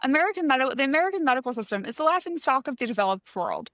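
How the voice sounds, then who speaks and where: A woman co-hosting a casual book podcast, chatting with quick asides. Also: sits high, very animated, fairly bright tone, no room sound. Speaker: podcast co-host.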